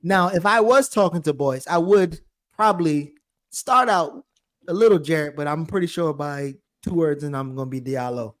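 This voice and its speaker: A man's voice: fairly high pitch, normal speed. A man co-hosting a podcast, talking in slangy, teasing casual chat.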